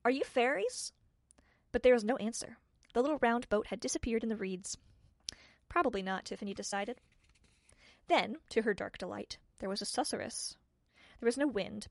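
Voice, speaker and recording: A woman's voice: mid-range voice, vocal fry, dry recording. Woman reading a storybook aloud, dry. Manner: expressive, measured. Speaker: audiobook narrator. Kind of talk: scripted storybook narration.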